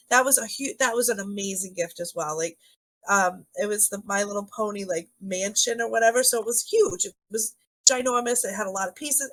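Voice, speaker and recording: A woman's voice: on the high side, a bit bright, low-quality recording. A woman co-hosting a podcast, telling a meandering childhood story in casual chat. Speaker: podcast co-host.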